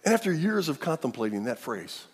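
A man's voice: fairly high pitch, sing-song, fairly quick, breathy edge, big-room sound. An older man preaching a sermon as pastor, emphatic, often repeating words and restarting phrases.

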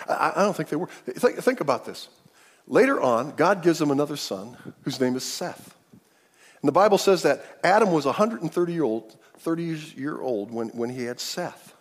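A man's voice: on the high side, expressive, moderate pace, long reverb tail. An older man preaching a sermon as pastor, emphatic, often repeating words and restarting phrases.

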